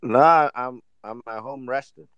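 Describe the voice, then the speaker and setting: A man's voice: medium pitch, measured pace, a bit bright, smooth, highs cut off. A man talking as a guest in a casual live chat, laid-back and teasing back with swearing. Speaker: guest speaker.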